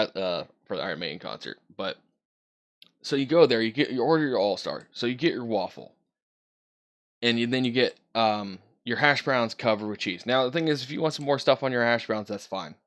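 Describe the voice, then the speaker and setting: A man co-hosting a casual podcast, easygoing and rambling with lots of fillers. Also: lowish voice. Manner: easygoing, rambling with many fillers, soft laughs. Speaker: podcast co-host. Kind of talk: casual chat.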